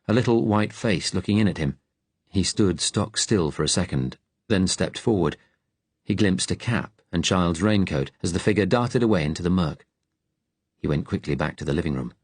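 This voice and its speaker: A man narrating a novel in a steady, serious, measured way. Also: low-pitched, husky, no echo. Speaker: audiobook narrator. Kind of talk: scripted narration.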